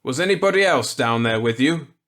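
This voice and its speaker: A man's voice: mid-range voice, lively intonation, brisk, a bit bright, voice pushed up, close to an everyday voice. A man voicing a brusque male police officer asking clipped questions. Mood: curt.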